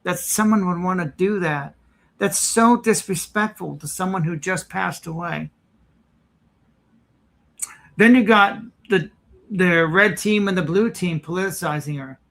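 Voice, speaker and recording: A high-pitched man gives reaction commentary on a clip. He is indignant and sarcastic, with a preaching edge to how he talks. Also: creaky, fairly bright tone.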